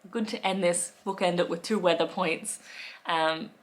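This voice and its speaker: A young Australian woman in casual chat to camera, playful and quick to laugh, acting out little quoted voices. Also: on the low side, steady tone. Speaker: vlogger.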